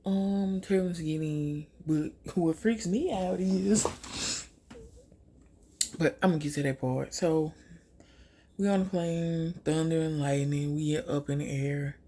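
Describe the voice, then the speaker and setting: A young woman vlogger does her makeup while chatting casually through a storytime, acting out what people said. Her voice is low and unhurried, and her animated retelling is full of quoted asides.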